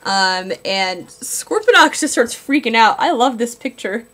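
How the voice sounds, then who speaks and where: A woman's voice: fairly high pitch, expressive, a little slow, fairly bright tone. Woman rambling through a comic review at home, dry sarcastic jokes, lots of um and like. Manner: sarcastic, chatty, lots of ums and likes. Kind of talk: casual spoken review.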